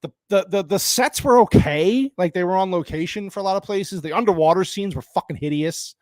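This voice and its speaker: Angry sweary guy ranting live about a movie, kinda high voice, rambly, dry close sound. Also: fairly quick, no room sound. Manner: angry, profane, rambling with restarts; reads and answers chat viewers. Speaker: live stream host. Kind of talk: live-streamed movie rant.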